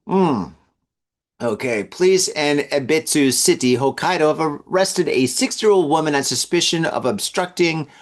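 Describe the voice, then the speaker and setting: A man hosting a comedy news podcast, reading odd stories and riffing on them with jokes and acted-out asides. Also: a little high. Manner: animated, joking asides, acts out drunk voices. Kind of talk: casual comedic news commentary.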